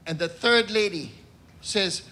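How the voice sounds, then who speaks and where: A comedian playing a cardinal tells stand-up jokes in a high, bright voice. He delivers slowly and deliberately, pausing before each punchline so every line lands before he moves on.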